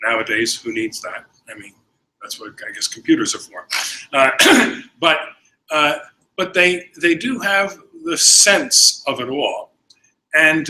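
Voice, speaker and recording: A man, a priest, giving a conference lecture, often clearing his throat and telling anecdotes. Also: medium pitch, bright, forceful tone, rough recording.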